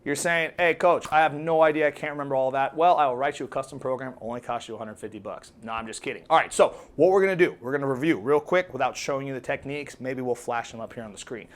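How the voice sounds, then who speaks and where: A man's voice: medium pitch, fast, hardly any pauses. A man coaching viewers through foam roller techniques, upbeat and chatty, joking and checking in with "okay?" as he demonstrates. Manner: upbeat, chatty, jokey, says okay often. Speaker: fitness coach. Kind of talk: casual instructional demo.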